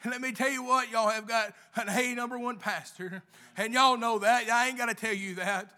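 A man preaching in church with a strikingly high, thin voice. He delivers a fervent sermon, calls everyone "honey" again and again, and climbs into shouts. His tone stays sharp and piercing throughout. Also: steady tone, normal speed. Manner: fervent, keeps repeating "honey", rising to shouts. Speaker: lay preacher.

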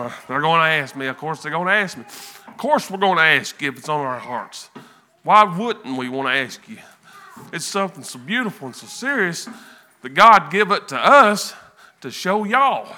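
Earnest man, high lively voice. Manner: earnest, halting, repeats words. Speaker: church member giving testimony. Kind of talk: emotional church testimony.

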